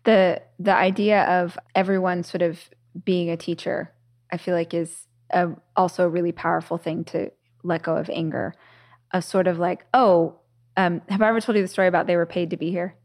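A woman's voice: on the low side, fairly even intonation, moderate pace, a little mellow. A woman hosting a podcast, talking casually and telling stories with lots of fillers and restarts. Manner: chatty storyteller, many "like"s and restarts. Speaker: podcast host. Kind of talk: casual conversation.

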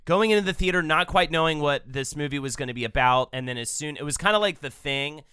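An enthusiastic male podcast host chatting casually, piling on restarts as the excitement runs ahead of his words. His voice is bright, smooth and crisp. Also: fairly high pitch, quick pace, dry recording, studio quality. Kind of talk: casual chat.

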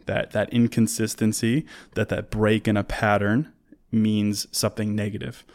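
Gravelly-voiced man giving relationship advice. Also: on the low side, little pitch movement, moderate pace, darkish tone. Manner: conversational and earnest, restarts words, lists points. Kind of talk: solo advice talk.

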